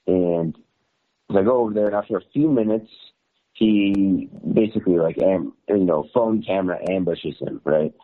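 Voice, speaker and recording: A man's voice: low voice, normal speed. A man telling a story as a journalist guest, rambling with fillers and laughs. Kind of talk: casual storytelling on a call-in show. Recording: tinny phone line.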